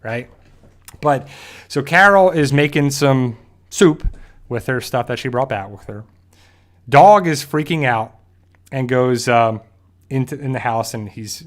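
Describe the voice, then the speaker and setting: A man hosts a casual recap of a TV episode. He rambles through the plot, keeps circling back, and fills gaps with "uh" and "you know". His voice sits at an ordinary middle pitch. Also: fairly bright tone. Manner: rambling with frequent fillers and restarts. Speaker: show host.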